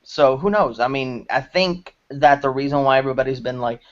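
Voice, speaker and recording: A man co-hosting a movie news podcast in casual chat, excitable, jokey and rambling. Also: mid-range voice, fairly quick, muffled recording. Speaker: podcast co-host. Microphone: video call.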